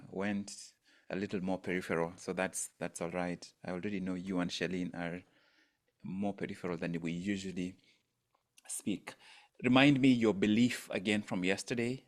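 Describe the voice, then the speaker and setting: A man's voice: sits low, steady tone, normal speed. A man coaching an online mindset workshop, speaking emphatically and repeating phrases for effect. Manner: emphatic, repeats phrases for effect, rises sharply on quoted lines. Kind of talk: teaching talk. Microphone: video call.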